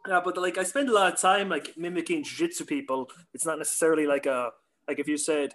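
A man's voice: a little high, fairly quick, a bit bright. A man hosting a casual interview, joking loosely and swearing freely. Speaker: podcast host.

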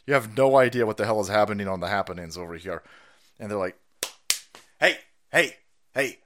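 A man's voice: fairly low pitch, quick pace. A man hosting a political livestream, ranting loosely and profanely with a rowdy, mocking delivery. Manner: rowdy and mocking, with sudden shouts and mock voices.

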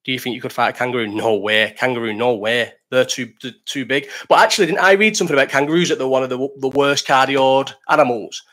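A man's voice: mid-range voice, fast talker, few pauses, fairly bright tone. A man hosting a casual live stream, reading chat questions, rambling, swearing and laughing.

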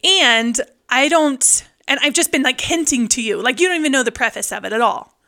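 A woman in her thirties, a hairstylist who co-hosts a podcast, tells a story in casual conversation. Her voice sits high and sounds gravelly, and she speaks briskly with a lively, laughing delivery.

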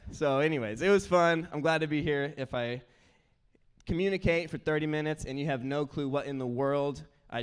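A young man preaching a sermon, telling family stories in an animated way and acting out his kids' voices. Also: mid-range voice, clean tone. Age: young adult. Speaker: pastor.

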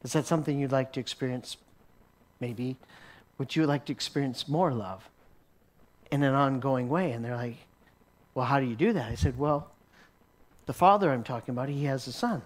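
A man's voice: mid-range voice, moderate pace, long pauses. A man teaching a sermon as a story, often repeating words as he restarts and chuckling along. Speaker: Christian teacher.

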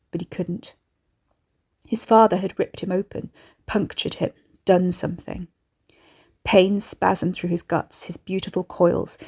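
A woman reading a horror story aloud in a measured storytelling manner. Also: on the low side, vocal fry, a little mellow, husky. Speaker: narrator. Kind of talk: scripted horror narration.

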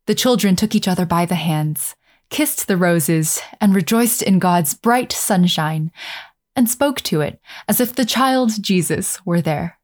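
A woman narrating a fairy tale in a gentle, measured storytelling manner. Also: on the low side, expressive.

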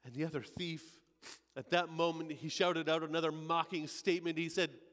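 A male pastor playing a repentant thief dying on a cross, in a dramatic first-person monologue at a church service, halting and emotional, moving from hushed remorse to crying out. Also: a little high, steady tone, big-room sound, natural voice. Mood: awed.

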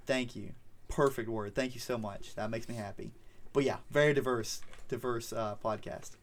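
A man's voice: medium pitch, steady tone, moderate pace. A young man co-hosting a sports podcast, joking and self-deprecating in casual chat. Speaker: podcast co-host.

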